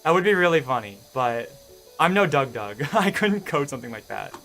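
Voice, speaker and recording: A man's voice: mid-range voice, sing-song, moderate pace, fairly bright tone, faint music behind. A young man chatting with his live-stream viewers in a casual, rambling way, full of fillers and restarts.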